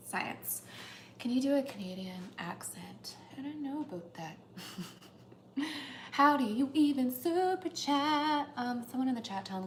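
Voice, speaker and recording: Cooking at home on a livestream, a young woman with a medium-pitched voice chats and giggles, tossing in playful asides. The echoey kitchen rings with clattering pots and dishes, and the recording carries a little hiss or hum.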